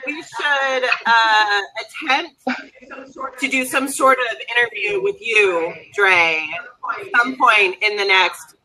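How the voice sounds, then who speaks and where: Bright-voiced woman co-host. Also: fairly high pitch, slow, rough recording. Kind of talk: casual chat.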